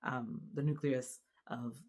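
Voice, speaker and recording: A mother talking straight to camera in a casual vlog, animated and exasperated, with lots of restarts and fillers. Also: very deep voice, slow. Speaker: mother and vlogger. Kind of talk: casual venting monologue to camera.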